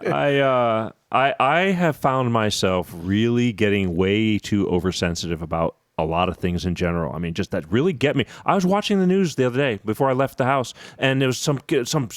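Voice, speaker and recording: A middle-aged man co-hosting a chat show, talking in a rambling, emotional way and laughing at himself. His voice sits at an ordinary pitch and sounds dry and close, with no room around it. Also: a little fast, hardly any pauses, dry recording. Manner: emotional, self-mocking, rambling. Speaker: co-host. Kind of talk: casual chat.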